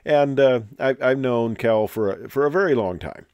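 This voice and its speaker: A man in his sixties tells a joking anecdote in a wry, rambling way, full of fillers. His voice sits at a middle pitch. The sound is dry and close, with no room echo. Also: normal speed, darkish tone, clean tone. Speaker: retired airline captain. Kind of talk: anecdotal storytelling presentation.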